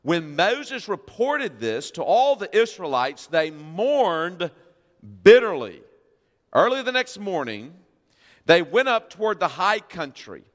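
A male pastor delivers a sermon in a somewhat high voice, reading scripture and pressing the congregation with questions. His emphatic delivery carries a long reverb from a church sanctuary. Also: big pitch swings, slow pace.

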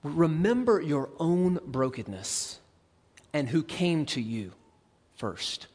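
A man preaching a sermon as a pastor, conversational and animated, acting out quick asides. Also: fairly high pitch, husky, long reverb tail.

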